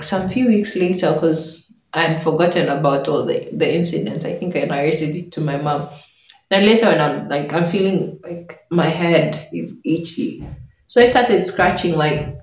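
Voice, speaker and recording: A young woman vlogger telling a personal story in an animated way, laughing often as she goes. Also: sits low, measured pace, far from the mic. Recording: echoey room.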